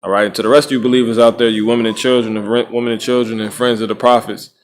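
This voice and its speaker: A man's voice: medium pitch, little pitch movement, rapid-fire, slight background noise. A man hosting a podcast of casual religious commentary, rambling, restarting phrases and tagging lines with "right?". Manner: rambling, frequent "right?" tag questions. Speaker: podcast host.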